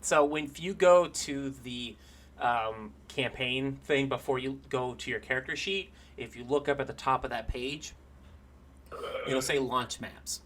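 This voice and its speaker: Bright-voiced man running a game. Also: mid-range voice, a little slow, slight background noise. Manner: relaxed, rambling with fillers. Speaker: game master.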